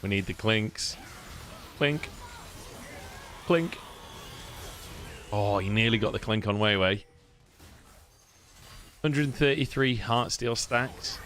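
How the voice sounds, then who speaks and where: British guy costreaming esports, low-ish voice, punchy and bright, swears a lot and gets hyped. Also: measured pace, pauses often. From United Kingdom. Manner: excitable, swears freely, laughs between plays. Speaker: esports caster. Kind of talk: casual live co-stream commentary.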